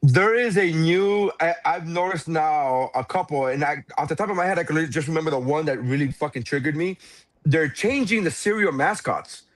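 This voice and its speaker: A man's voice: a little high, normal speed, no room sound. A man co-hosting a podcast in casual chat, ranting with heavy swearing. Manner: profane, ranting and animated. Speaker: podcast co-host.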